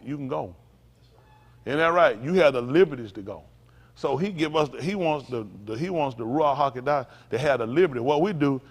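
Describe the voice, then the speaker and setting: A man preaching a conversational sermon to his congregation, with frequent asides to the room. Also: mid-range voice. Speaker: pastor. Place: synagogue sanctuary. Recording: long hall reverb.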